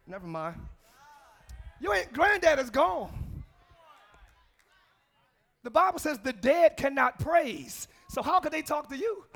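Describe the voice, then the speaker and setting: Pastor guy preaching in church, real high voice, gravelly, yells a lot. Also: sing-song, moderate pace. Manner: preaching with shouts and call-and-response; drops to quiet asides and laughs. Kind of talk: sermon.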